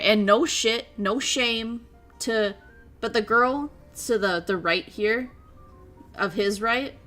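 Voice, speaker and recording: A woman streamer with a mid-range voice chats casually, telling a story excitably. She laughs often and acts out what people said.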